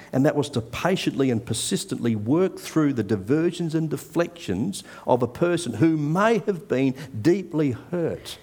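A man's voice: mid-range voice, dark tone, slightly rough. A middle-aged man, preaching a sermon in a conversational, earnest way and telling a personal story.

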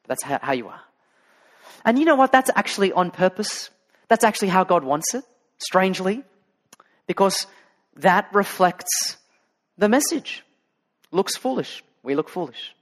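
A man's voice: high-pitched, animated, a little slow, long pauses. A man with an Australian accent preaching a sermon as a pastor, talking conversationally and telling stories with many fillers and restarts. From Sydney, Australia.

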